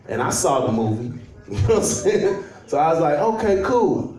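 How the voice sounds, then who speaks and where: Young male stand-up comic, from Chicago, laid-back storyteller, high voice, roomy distant club audio. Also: expressive, measured pace, long pauses, darkish tone. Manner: loose, storytelling, trash-talking, laughs at his own jokes. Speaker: stand-up comedian. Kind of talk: stand-up comedy set. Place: comedy club stage at a holiday party. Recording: echoey club audio from far off. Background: audience laughter.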